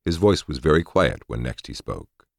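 A man narrating a story aloud in an expressive, lively reading. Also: rumbling low, normal speed, creaky, no echo, studio quality. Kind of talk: audiobook narration.

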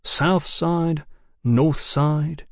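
A man's voice: on the high side, steady tone, drawn-out words, dry recording, studio quality, voice pushed up. A man playing a stern, curt police sergeant. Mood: interrogating. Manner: curt, barking questions.

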